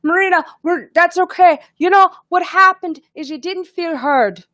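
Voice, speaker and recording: A woman putting on an Irish accent to voice a kind, reassuring woman friend, speaking in a calm, earnest way. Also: very high voice, normal speed, dry recording, clean studio sound, pitched above the performer's own voice. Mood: soothing. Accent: Irish, put on.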